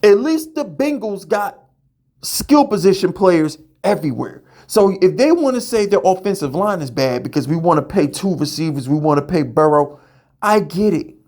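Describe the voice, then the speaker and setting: A man's voice: high-pitched, big pitch swings, normal speed, darkish tone. A man hosting a fan show, ranting heatedly and profanely, often stammering and repeating words as he fires questions. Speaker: podcast host.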